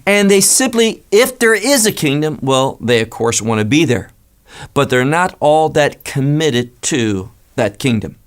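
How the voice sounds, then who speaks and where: Animated man preaching a Bible lesson. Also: fairly high pitch, measured pace, smooth. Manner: lively, emphatic preaching with restarts. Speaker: pastor. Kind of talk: sermon, Bible teaching.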